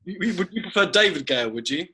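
Male co-host, slightly high voice, dry and wry, casual banter and comic verse. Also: expressive, fast, sharp tone. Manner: dry, reads comic poems aloud. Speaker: podcast co-host. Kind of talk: casual chat.

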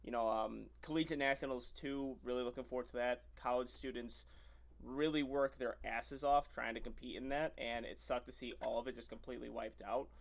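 A man's voice: mid-range voice, steady tone, brisk, creaky. A man hosting a casual podcast chat, speaking in an earnest, emphatic way.

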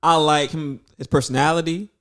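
A man from New York talking casually as a podcast co-host, quick and slangy with blunt opinions. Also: a little high, fairly even intonation. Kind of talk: casual chat.

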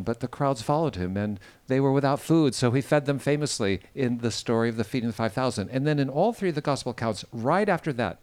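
A man giving an earnest, measured devotional sermon outdoors on a boat, retelling a story and reflecting on it. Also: mid-range voice. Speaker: preacher.

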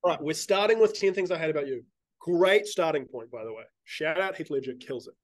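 A man's voice: on the high side, animated, brisk, no echo, clean studio sound. A man who is a guest on a podcast, talking in a casual, teasing and emphatic way, swearing freely.

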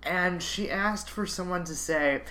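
A man co-hosting a podcast, chatting casually in a relaxed way. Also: sits high, unhurried. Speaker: podcast co-host. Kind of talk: casual chat.

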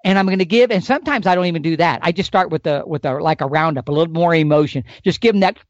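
A man's voice: a little high, fast talker, no echo, muffled recording. A man on a podcast, an elk calling expert, telling hunting stories with energy and showing calls with his mouth. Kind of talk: animated podcast storytelling.

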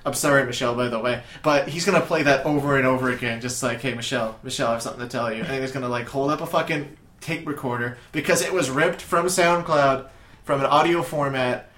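A man co-hosting a podcast in casual comedic chat, rambling and profane, breaking into shouted bits. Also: medium pitch, brisk. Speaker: podcast co-host. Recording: echoey room.

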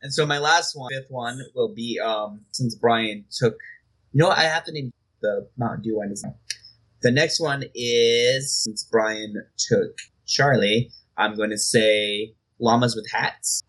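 A man co-hosting a podcast in casual joking chat, quick to laugh. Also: medium pitch, a bit bright, low-quality recording. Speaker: podcast co-host.

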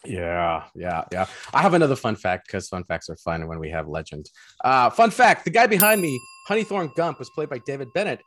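A young man hosting a casual film review chat, lively and quick to laugh. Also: mid-range voice, dry recording. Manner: laughs often, lively and chatty. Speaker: film review show host.

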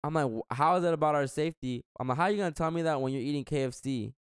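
A man's voice: fairly high pitch, very fast, smooth, no echo, clean studio sound. A young man in casual chat, rambling through a story and acting out what others said in a slangy way. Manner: rambling, slangy, acts out quotes.

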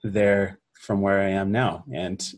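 A man, a songwriter, reflecting in an interview in a halting, soft-spoken way from his home garage. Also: low-pitched, little pitch movement. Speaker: songwriter guest.

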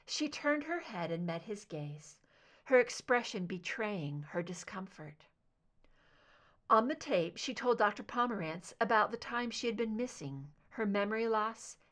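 A woman narrating a fan fiction audiobook in a steady, even storytelling manner. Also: mid-range voice. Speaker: audiobook reader.

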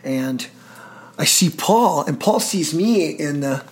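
A man's voice: on the high side, lively intonation, slow. A middle-aged man telling war stories in an interview, intense, emotional and profane. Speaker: guest, military veteran. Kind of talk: storytelling interview.

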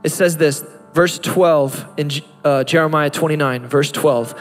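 High-voiced man preaching in a reverberant hall. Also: a little slow. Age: 30s. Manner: impassioned, rising to fervent peaks. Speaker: pastor. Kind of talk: sermon. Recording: reverberant hall with music behind.

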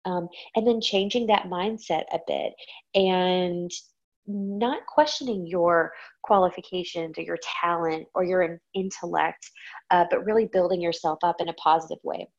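A woman's voice: fairly low pitch, normal speed, dull audio. Candid woman hosting a solo podcast. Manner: candid, reflective, with frequent ums. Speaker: podcast host. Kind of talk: casual solo podcast talk.

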